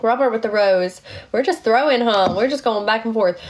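A young woman, sick and tired, chatting casually on a phone livestream, thanking viewers with lots of fillers. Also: a little high.

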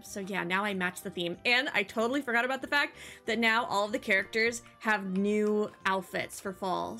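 A young woman hosting a casual let's-play, chatting excitedly and gushing as she plays. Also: mid-range voice. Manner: bubbly, excitable, gasps and gushes often. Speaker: gaming channel host. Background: faint game music.

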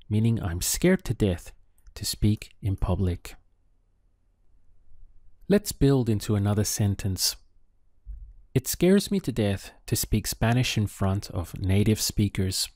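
A man teaching a language lesson, enunciating each phrase slowly and carefully. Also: lowish voice, a little mellow, dry recording, clean studio sound.

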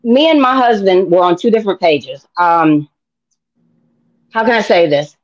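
A middle-aged American woman sharing her faith testimony in an interview, animated and acting out dialogue in voices. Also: fairly low pitch, moderate pace, dull audio. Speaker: guest.

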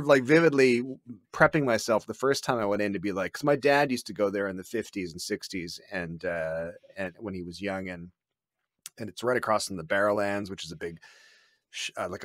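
A man's voice: fairly low pitch, fairly quick, fairly bright tone, no room sound, studio quality. A man, a podcast guest, telling wry, self-mocking stories in casual chat. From Canada.

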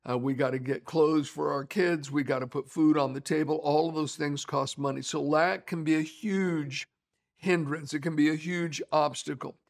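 A man's voice: on the high side, steady tone, normal speed, creaky. A middle-aged man preaching a sermon, earnest and conversational, telling stories to make his point. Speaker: pastor.

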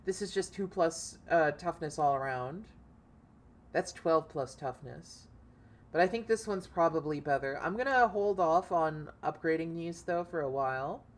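A woman streaming a video game, excitable and swearing freely as she thinks aloud about her loadout. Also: deep voice, unhurried. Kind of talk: casual gameplay commentary.

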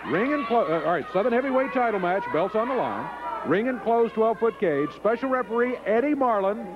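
A man doing excitable play-by-play commentary and interviewing a wrestler. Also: high-pitched, fairly quick, over music, crowd noise. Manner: excitable, animated. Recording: lo-fi early 90s TV audio with noise.

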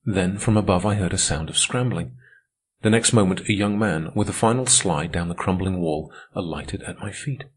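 Low husky guy reading an audiobook, steady and measured. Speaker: audiobook reader. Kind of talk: scripted narration.

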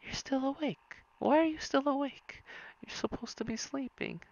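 A reader voicing an excitable teenage princess girl as whispered role-play, with an eager, high and bouncy delivery. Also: measured pace. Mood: startled. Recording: dull lo-fi recording.

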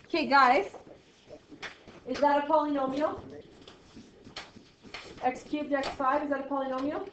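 Woman teacher, slightly high voice, chatty and jokey, roomy classroom with dull lo-fi sound. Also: fairly even intonation, measured pace, pauses often, fairly bright tone, a little hiss or hum. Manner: chatty, self-deprecating, quizzes students. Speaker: math teacher. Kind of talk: classroom lecture.

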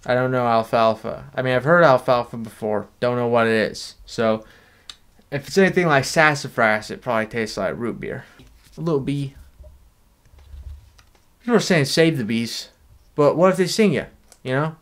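A young man in a deadpan, rambling comedic monologue, swearing freely as he goes. His voice sits at an ordinary middle pitch, with a dry, offhand delivery. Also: moderate pace, pauses often, clear, resonant tone. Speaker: vlogger. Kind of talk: comedic sticker review vlog.

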